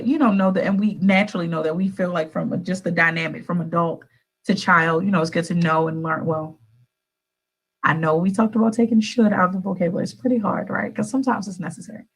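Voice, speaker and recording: A woman hosting a radio show, talking in a casual, motivational monologue straight to her listeners. She is animated and chatty, swoops up in pitch for emphasis and calls her audience "baby" and "y'all". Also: gravelly, breathy edge, low-quality recording. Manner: addresses listeners directly and affectionately.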